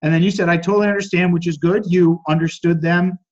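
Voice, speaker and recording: A fast-talking man coaches a group call with casual teaching, reading chat messages aloud, critiquing them, and acting out quoted lines with lively jumps in pitch. The recording's highs are cut off.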